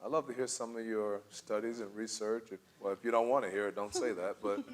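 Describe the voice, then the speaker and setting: A man leading a church group discussion, animated and often laughing, acting out sample replies. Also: lowish voice, brisk, noisy background. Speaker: church class leader.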